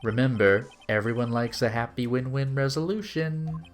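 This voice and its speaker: A man's voice: medium pitch, normal speed, soft background music, close to an everyday voice. A man voicing a two-faced young male celebrity who turns out to be a villain, taunting in a mock-sweet tone.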